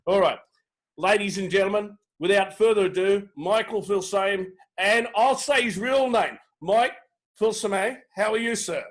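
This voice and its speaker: Man, middle-aged, high-pitched, pushy joking webinar host on a video call. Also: unhurried. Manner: brash, joking, pushy audience prompts. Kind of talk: lively sales webinar chat.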